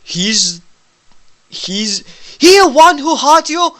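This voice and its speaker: A woman voicing a protective, quick-tempered young man in a visual novel, speaking earnestly and stumbling over words when upset. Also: high voice, big pitch swings, fairly bright tone, pitched above the performer's own voice, exaggerated voice. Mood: alarmed.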